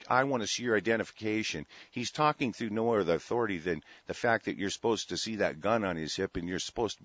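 A man hosting a talk show, delivering an angry, profane political rant in a heated, forceful way. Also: on the low side, no echo. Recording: dull, dry lo-fi sound.

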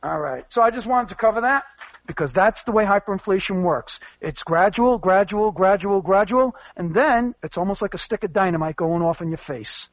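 A man's voice: high voice, animated, fairly quick, no room sound, muffled recording. A man hosting a commentary show, rambling and emphatic with many fillers. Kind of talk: casual spoken commentary.

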